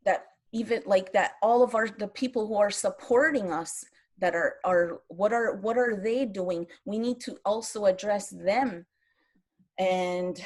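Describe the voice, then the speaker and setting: A woman's voice: mid-range voice, darkish tone. Earnest grandmother on a video call. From Kahnawake, Quebec. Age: older. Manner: earnest, many restarts, emotional at times. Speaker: round-table panelist. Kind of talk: casual talk on an online round-table.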